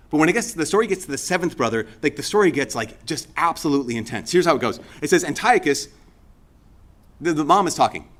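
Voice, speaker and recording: Male priest, casual homily, animated storyteller, slightly high voice. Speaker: Catholic priest. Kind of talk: conversational homily.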